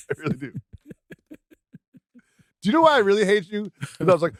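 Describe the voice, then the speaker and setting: Picture a man with a fairly high voice cohosting a basketball podcast. He jokes around, laughs at himself, and trades banter in a relaxed back-and-forth. The sound is dry and close, like a studio mic. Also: dry recording. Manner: joking, self-deprecating, quick laughs. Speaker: podcast co-host. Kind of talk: casual sports podcast chat.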